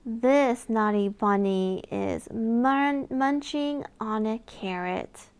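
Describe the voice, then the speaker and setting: Slow, high-voiced woman reading to children. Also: smooth. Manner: gentle, gasping, sing-song questions to the child. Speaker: children's book reader. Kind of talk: read-aloud for young children.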